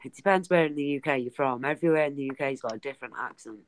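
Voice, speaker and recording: A woman's voice: rumbling low, a little hiss or hum. A woman with a Liverpool Scouse accent, chatting casually and teasing friends on a video call. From Liverpool, England. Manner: chatty, teasing, quick to laugh.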